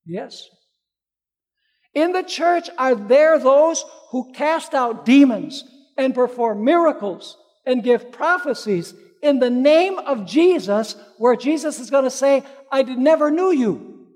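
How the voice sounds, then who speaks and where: A man's voice: very high-pitched, expressive, slow, darkish tone. A man preaching a sermon. He asks the congregation questions, answers them himself, and acts out the people in a parable with changing voices. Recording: long reverb of a large hall.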